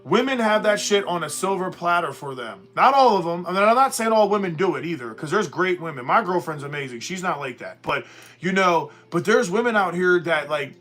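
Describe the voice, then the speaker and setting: A man's voice: high voice, lively intonation, fairly quick, a bit bright. A man hosting a live stream, ranting bluntly and profanely in a rambling, casual way.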